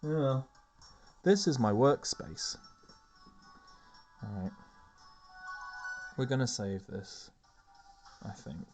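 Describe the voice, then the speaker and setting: A man's voice: medium pitch, lively intonation, drawn-out words, long pauses, darkish tone, faint music behind. A man casually commenting on a video game, chatty and rambling, chatting to his cats as he plays. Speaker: let's play host.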